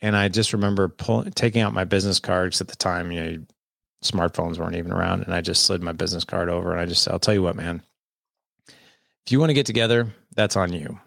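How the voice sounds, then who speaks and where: A deep-voiced man tells a personal story in a candid, conversational way. His voice has a gravelly, fry-heavy texture, and the sound is dry and close. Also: steady tone, quick pace, fairly bright tone, no room sound. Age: 40s. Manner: candid, conversational, quotes people in dialogue. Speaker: guest. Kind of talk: personal storytelling in a podcast interview.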